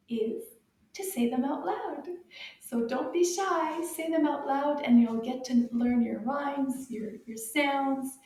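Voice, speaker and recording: A woman teaching a beginners' French lesson to children, slow and sing-song with carefully exaggerated enunciation. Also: high voice, darkish tone, very echoey, distant mic.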